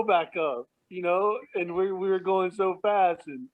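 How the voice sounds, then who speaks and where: A man's voice: high-pitched, a little slow. Man rambling over a tinny phone line. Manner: rambling, chuckles often, many restarts. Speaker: relative sharing memories at a family remembrance. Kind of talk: casual anecdotal storytelling. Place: at home at night.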